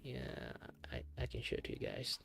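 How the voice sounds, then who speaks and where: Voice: moderate pace, a bit bright, soft background music. A VTuber from Malaysia, chatting casually while drawing on stream, with many fillers and restarts. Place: home streaming setup.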